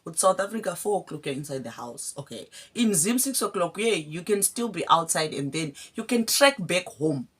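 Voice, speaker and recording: A young woman from Zimbabwe speaks with a Zimbabwean accent, her voice low and a little husky. She talks to her viewers in a heartfelt, personal way. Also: expressive, moderate pace, few pauses. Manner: heartfelt, addresses viewers as guys. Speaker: vlogger. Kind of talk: casual emotional talk to camera.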